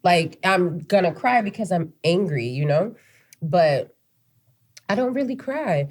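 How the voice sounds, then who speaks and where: A woman's voice: fairly low pitch, expressive, measured pace. A woman in her thirties co-hosting a podcast, telling stories in a candid, casual way with plenty of swearing. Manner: candid, profane storytelling. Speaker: podcast co-host. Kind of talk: casual chat.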